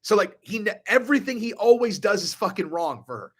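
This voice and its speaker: A man's voice: high-pitched, sing-song, brisk, fairly bright tone. A man ranting on a live stream, profane and rambling, restarting his sentences often. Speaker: online commentator.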